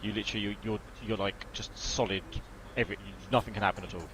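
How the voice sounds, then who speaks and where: A young man talks quickly in casual podcast chat, restarting his sentences again and again. His pitch sits in the middle range. Faint background noise runs under the voice. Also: fairly even intonation. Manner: stammering restarts, fast talk. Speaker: podcast co-host.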